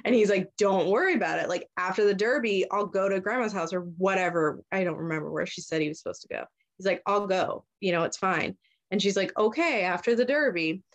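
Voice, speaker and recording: A young woman telling a story in easygoing, profane chat. She drops into quick little voices for each character, then goes straight back to her ordinary middle-pitched voice. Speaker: podcast host retelling a story. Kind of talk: casual chat.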